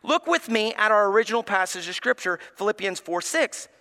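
A male pastor preaching in a church with an unusually high, bright voice. He is emphatic and speaks straight to the congregation, and his voice trails off into a long reverb in the sanctuary. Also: expressive, fairly quick. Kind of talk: sermon.

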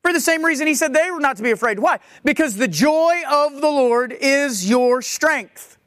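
A woman preaching a sermon in a conversational, animated way, with quick asides and playful acted-out quotes. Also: high-pitched, dry recording, studio quality.

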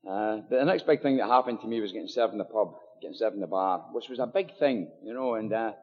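A man's voice: on the low side, fast talker. An older man with a thick Glasgow-area Scottish accent shares his story with a meeting audience. He talks in a loose, joking way, full of fillers and asides. The sound is dull and carries a long hall echo. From Scotland. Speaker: AA meeting speaker. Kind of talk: personal recovery talk at a meeting.

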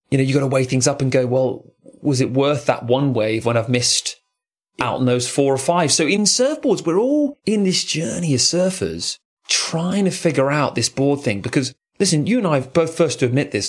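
A man's voice: medium pitch, husky. A man hosting a podcast in casual chat, rambling and musing with frequent asides. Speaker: podcast host.

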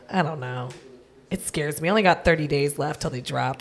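A woman's voice: low voice, normal speed, creaky, pauses often. A woman from San Diego hosting a casual chat, talking freely, swearing and laughing a lot.

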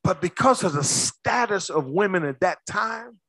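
A male pastor preaching a sermon with call-and-response, swinging between shouts and low asides. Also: animated, measured pace, no echo.

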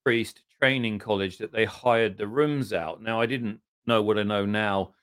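A middle-aged man from southern England with an English accent, a podcast guest telling long, self-deprecating anecdotes in casual conversation and often clearing his throat. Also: on the low side, a little slow, fairly bright tone, no room sound, clean studio sound. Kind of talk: casual interview storytelling.

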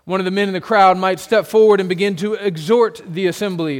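Preacher guy, fairly high voice, storytelling sermon w big dramatic pauses. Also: fairly even intonation. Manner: vivid second-person storytelling, dramatic pauses. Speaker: pastor.

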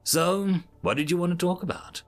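Measured, polite human interrogator, voiced by a male reader, curious, slightly gravelly. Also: high voice, soft background music.

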